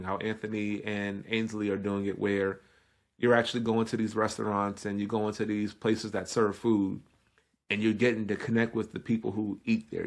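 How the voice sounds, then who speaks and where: A Brooklyn man with a New York accent appears as a guest chef on a casual podcast, talking fast and energetically. His voice is fairly low in pitch.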